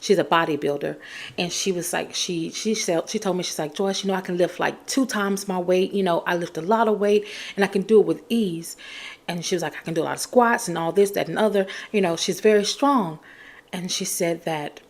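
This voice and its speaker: A woman's voice: lowish voice, fairly quick. A woman hosting a podcast, talking in an emphatic, encouraging way and repeating her key phrases. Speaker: podcast host. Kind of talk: casual motivational talk.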